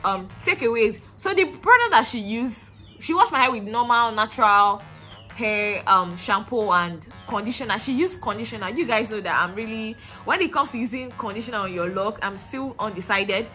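Young Nigerian woman, hair vlogger, bright chatty delivery, faint music under the voice. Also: mid-range voice. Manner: chatty, rambling, many fillers and restarts. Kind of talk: casual chat to camera.

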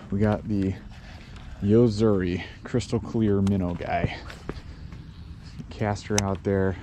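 Male fishing vlogger, excitable, exclamatory, recorded outdoors on camera audio. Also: lowish voice, slight background noise. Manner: breathless, exclaims loudly, laughs and talks to viewers. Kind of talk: excited on-the-water fishing vlog. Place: outdoors by a small lake.

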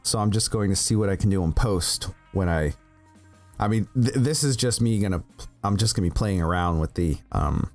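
A man's voice: low-pitched, normal speed, a little mellow. A man chatting casually over voice chat before a tabletop game, rambling and restarting as he explains his setup. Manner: rambling, laughs often, restarts. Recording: desktop voice chat audio with faint music.

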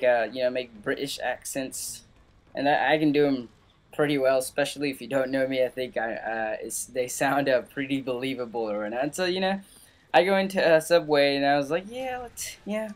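Rambling young man with lots of fillers. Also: fairly high pitch. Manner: rambling, many fillers and restarts. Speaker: gaming channel host. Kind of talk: casual update vlog.

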